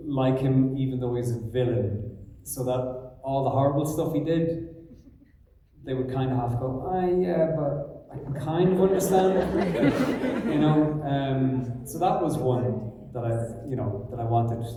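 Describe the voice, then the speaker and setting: A man's voice: mid-range voice, fairly even intonation, unhurried, warm tone. Irish man rambling on an echoey stage. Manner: rambling, laughing, many fillers. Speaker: actor, panel guest. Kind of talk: convention Q&A panel. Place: large convention hall. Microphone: stage mic, recorded on a phone in the audience. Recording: echoey hall, phone from far off.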